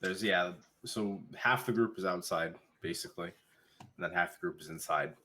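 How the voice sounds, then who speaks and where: A man narrating a tabletop game as dungeon master, relaxed and filler-heavy. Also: sits low, moderate pace. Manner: relaxed, hesitant, lots of fillers.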